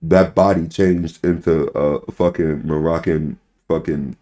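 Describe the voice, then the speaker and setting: A man's voice: a bass voice, fairly even intonation, measured pace, warm tone. A young man ranting casually to his stream chat, rambling, swearing and repeating "bro" and "son" constantly.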